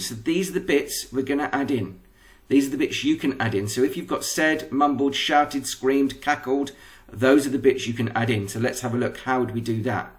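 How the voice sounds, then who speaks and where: A man's voice: mid-range voice, normal speed. A male primary school teacher with an English accent, giving a patient, step-by-step recorded lesson.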